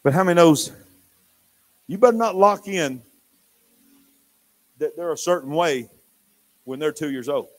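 An older man preaching a sermon in church, telling a family story with animated swings from hushed to loud. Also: a little high, measured pace, pauses often. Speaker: pastor.

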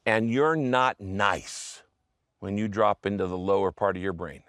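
A man's voice: fairly low pitch, unhurried, fairly bright tone, no room sound, studio quality. A male pastor preaching a sermon in a conversational way, often checking in with the listener and acting out inner thoughts.

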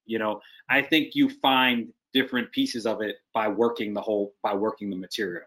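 A man's voice: on the low side, fairly even intonation, moderate pace, hardly any pauses, fairly bright tone. A man working as a casting director, giving direct, emphatic advice in a video-call interview.

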